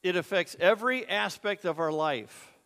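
A man's voice: high voice, normal speed, bright, forceful tone, clear, resonant tone. A man preaching a sermon as a pastor, earnest and conversational, asking the congregation questions. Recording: long hall reverb.

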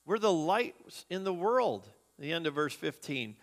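A man's voice: fairly high pitch, expressive, measured pace. A man preaching a sermon as a pastor, earnest and conversational, asking the congregation questions. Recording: long hall reverb.

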